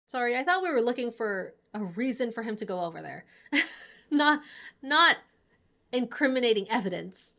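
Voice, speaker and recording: A woman gamer reading game dialogue aloud while playing and thinking it through, with quick chuckles. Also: on the high side, expressive, sharp tone, a little hiss or hum. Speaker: let's play gamer.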